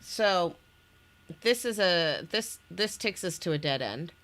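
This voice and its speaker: A woman shows off an interactive story game she created, reading its scenes aloud in casual chat, with restarts and laughter along the way. Her voice is lowish and fairly bright, with lively intonation and a slow pace.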